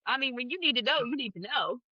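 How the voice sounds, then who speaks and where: A woman in casual chat, chiming in with quick asides and laughing along. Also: high voice, lively intonation, pushed and bright, no echo, muffled recording.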